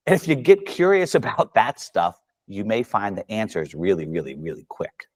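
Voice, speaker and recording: A man's voice: mid-range voice, brisk, hardly any pauses. A man coaching golf at a seminar for fellow coaches, talking casually and acting out dialogue with his students. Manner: animated storyteller acting out dialogue.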